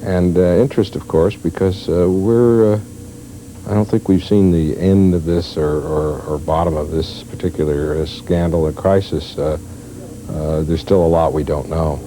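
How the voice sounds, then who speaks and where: A man, a veteran newspaper correspondent, answering over a remote link in a halting way with many fillers. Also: sits low, fairly even intonation, warm tone, a little hiss or hum, poor audio. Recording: remote link, 1980s broadcast tape.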